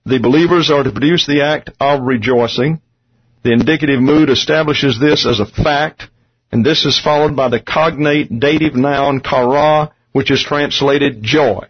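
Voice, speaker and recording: A man's voice: mid-range voice, moderate pace, breathy edge. A man teaching a Bible study lesson on Greek grammar, explaining terms step by step with dry asides. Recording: dull lo-fi recording.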